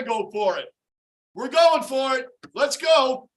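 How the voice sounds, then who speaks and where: A man hosting a fan livestream, calling plays and ranting at his team in frustrated, shouted commentary. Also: extremely high pitch, animated, takes it slowly. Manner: frustrated, shouting play-by-play and rants. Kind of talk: live fan reaction commentary.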